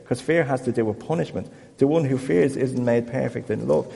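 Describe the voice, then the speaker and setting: A man leading an informal Bible talk for a small group, chatty and self-deprecating, growing more animated as he goes. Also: medium pitch, brisk, vocal fry, hardly any pauses, big-room sound. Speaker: church group leader.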